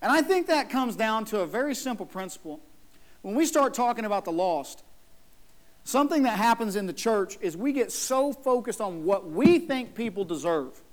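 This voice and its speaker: Speaking from the pulpit at a moderate pace, this pastor has a high-sitting, expressive voice. His sermon is emphatic, and he performs the people in his story, doing a whining brother's voice.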